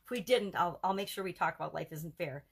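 A woman's voice: lowish voice, fast talker, vocal fry, breathy edge. A woman hosting a live coaching video, talking earnestly and casually and running through examples in rhythmic lists. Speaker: self-help challenge coach.

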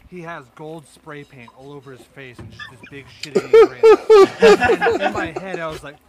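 A man's voice: high voice, wildly swooping pitch, moderate pace. A man co-hosting a casual podcast, laughing through a funny story and steering the chat to the next topic. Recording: loud background noise.

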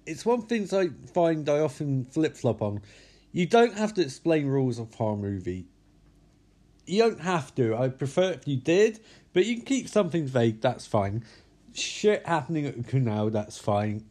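A man's voice: medium pitch, dark tone. A tired man reviewing a movie in a casual vlog, rambling and blunt, swearing freely.

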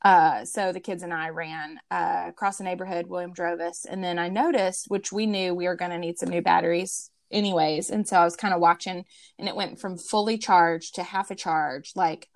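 Woman podcast co-host, animated storyteller, dry close sound. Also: lowish voice, normal speed, dry recording. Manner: animated, acts out quoted voices, laughs through the story. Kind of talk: casual storytelling chat.

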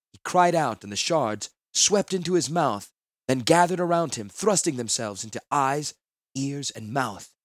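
A man narrating a fantasy audiobook in a solemn, measured manner. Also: medium pitch, no room sound.

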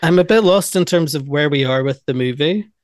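Slightly high-voiced, chatty man. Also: fairly quick, dry recording, clean studio sound. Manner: chatty, laughs and jumps in with favorite lines. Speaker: podcast co-host. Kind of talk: casual movie recap chat.

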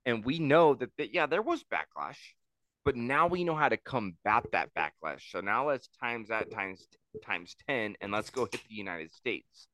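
A blunt man chatting on a podcast, swearing freely and pressing his points hard. His voice sits at an ordinary middle pitch. The sound is dry and close, with no room echo. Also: animated, moderate pace, fairly bright tone. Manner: blunt, heavy swearing, emphatic. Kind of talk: casual podcast chat.

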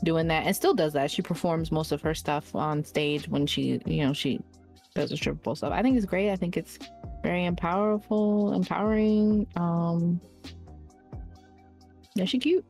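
A woman shares relaxed, measured opinions and often pauses on "um." Her voice sits a little low. Faint music plays behind her. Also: creaky. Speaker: reaction panelist. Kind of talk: casual reaction chat.

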